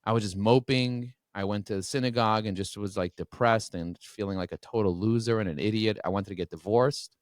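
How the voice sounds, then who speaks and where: Low-voiced man talking candidly, dry sound. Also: brisk, hardly any pauses, no echo. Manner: emotional, open, many restarts. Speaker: podcast guest, business owner. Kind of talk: candid interview talk. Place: standing while talking.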